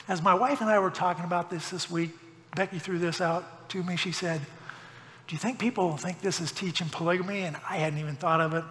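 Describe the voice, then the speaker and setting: A man's voice: high-pitched, bright, forceful tone, long reverb tail. A middle-aged man preaching a sermon as pastor, with folksy joking asides.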